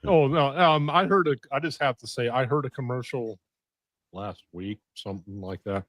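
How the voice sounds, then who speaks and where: A man's voice: mid-range voice, normal speed, fairly bright tone, no room sound. A man on a livestream chat, hesitant and apologetic as he offers support.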